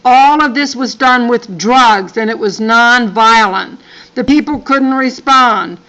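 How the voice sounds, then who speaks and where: A woman's voice: fairly high pitch, slow, sharp tone, low-quality recording. An older woman and grandmother reading a dream account aloud, breaking off for earnest, apologetic asides. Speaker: channel host.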